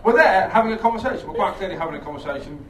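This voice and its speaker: A man doing a rambling, sweary, self-mocking stand-up set on a theatre stage, with bursts of shrill shouted impressions. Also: expressive, racing. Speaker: stand-up comedian. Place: theatre stage with a laughing audience. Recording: echoey live room, distant, audience noise.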